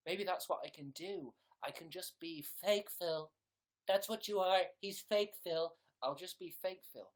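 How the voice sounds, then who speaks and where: This young man has a high, unhurried voice as he hosts a relaxed livestream from a room in a house. He jokes, wanders off topic, reads comments aloud, and lowers his voice to whisper asides.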